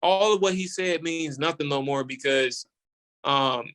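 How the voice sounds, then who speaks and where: A man in a radio studio, a guest sports podcaster making his case with energy. He restarts and repeats words as he works through his argument. His voice sits a little high for a man. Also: measured pace. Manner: animated and opinionated, repeats words while building a point. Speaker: podcast host, guest on the show. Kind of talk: casual sports radio talk.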